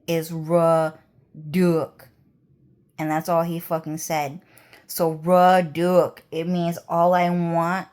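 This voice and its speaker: A woman vlogger talking in a rambling, heated monologue, swearing often. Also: sits low.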